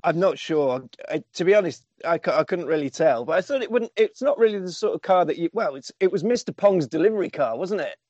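A man's voice: a little high, expressive, fast, hardly any pauses, darkish tone, dry recording. A man, animatedly recapping a film on a podcast and swearing casually. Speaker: podcast host. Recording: dull lo-fi dry sound.

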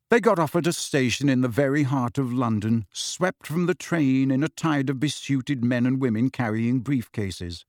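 A man narrating an audiobook in an expressive, lively reading. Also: medium pitch, normal speed, hardly any pauses, no room sound, clean studio sound.

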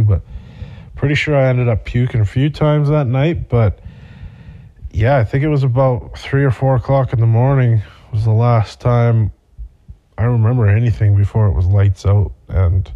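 A man's voice: lowish voice, fairly even intonation, moderate pace, muffled recording. A young man hosting a podcast, telling a rambling, profane personal story with many fillers. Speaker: podcast host. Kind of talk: casual storytelling monologue.

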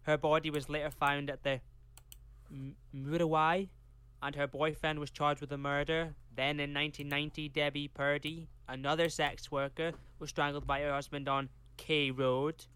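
A man's voice: on the high side, little pitch movement, normal speed, sharp tone, clear, resonant tone, no echo. A Scottish man co-hosting a podcast, reading case notes from a script and breaking off for chatty tangents. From Scotland. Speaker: podcast co-host.

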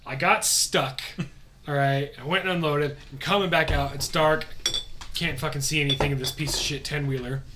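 A man's voice: on the high side, steady tone, normal speed. A man telling a profane work story in a casual chat, laughing often. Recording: faint background noise.

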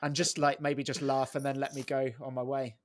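A man's voice: medium pitch, flat delivery, a little fast. An English man, a comedian and sports commentator, chatting as an interview guest in a rambling, self-deprecating way. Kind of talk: casual interview chat.

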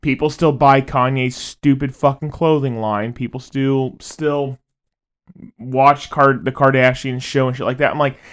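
A man's voice: mid-range voice, fairly even intonation, a little slow. A man co-hosting a podcast, chatting casually, rambling and swearing a lot. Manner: rambling, profane, laughs often. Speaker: podcast co-host. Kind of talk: casual chat.

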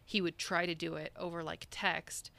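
A woman's voice: on the low side, level tone, moderate pace, gravelly, pushed and bright. A young woman co-hosting a podcast, chatting casually and rambling with lots of "like"s and restarts. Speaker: podcast co-host. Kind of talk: casual chat.

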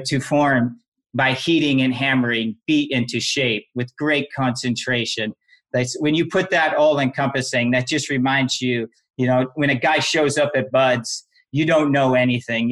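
A man's voice: medium pitch, steady tone, normal speed, fairly bright tone. Earnest middle-aged male interview guest. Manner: earnest, explanatory storytelling. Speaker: guest, former Navy SEAL instructor and founder of an apparel brand. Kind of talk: casual interview chat.

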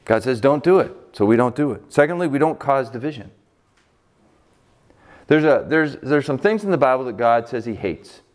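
A middle-aged man from Buffalo preaching a sermon as pastor, conversational and joking, with lively swings in pitch. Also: moderate pace, pauses often. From Buffalo, New York.

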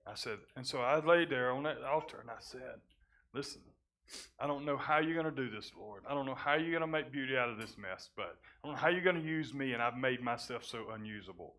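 A male pastor giving a sermon testimony, moving from hushed, halting confession with repeated restarts to loud, fervent preaching. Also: mid-range voice. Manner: halting restarts when emotional.

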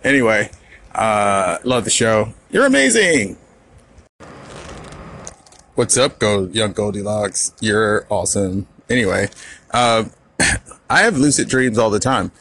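A man's voice: lowish voice, a little slow, fairly bright tone, a little hiss or hum. Man, chatty caller, lots of filler words. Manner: chatty, rambling, lots of ums. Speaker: caller, fellow podcaster. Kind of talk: casual voice message.

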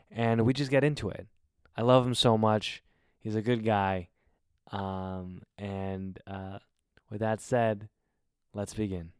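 A man's voice: on the low side, a little mellow, smooth, dry recording, clean studio sound. A man hosting a casual podcast over a video call, rambling and swearing. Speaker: podcast host.

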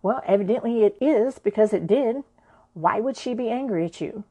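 A woman voicing a patient adult woman friend who talks calmly and reassuringly. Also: fairly high pitch, moderate pace. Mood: calm, soothing. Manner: calm and reassuring.

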